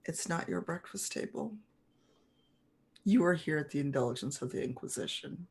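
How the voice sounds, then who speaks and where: A woman voicing a sly male elf spymaster who talks in a quiet, teasing, low-key way. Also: slow. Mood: smug aloof.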